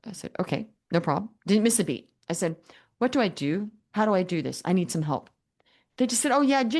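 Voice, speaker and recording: An older woman guest telling her business story in an interview, animated and humorous, acting out both sides of past conversations. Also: mid-range voice, fairly quick. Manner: animated, acts out dialogue with quoted voices, humorous.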